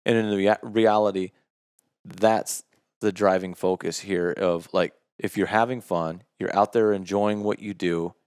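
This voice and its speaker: A man co-hosting a podcast in casual chat, relaxed and reflective. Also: low-pitched, measured pace, smooth, no echo, studio quality. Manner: relaxed, reflective, laughs and backchannels. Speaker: podcast co-host.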